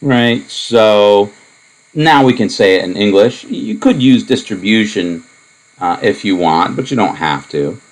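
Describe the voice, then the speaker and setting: A man with a low, deep voice working through a math lecture, casual and explanatory. He talks his way through each step with frequent asides and fillers, as if thinking aloud at the board. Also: lively intonation, a little slow, poor audio. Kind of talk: recorded lecture.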